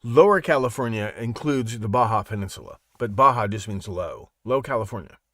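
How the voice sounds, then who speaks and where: A man hosting a live podcast, talking in a rambling, animated monologue full of restarts and asides. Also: fairly low pitch, brisk, no room sound, studio quality. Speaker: podcast host. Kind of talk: casual monologue on a live show.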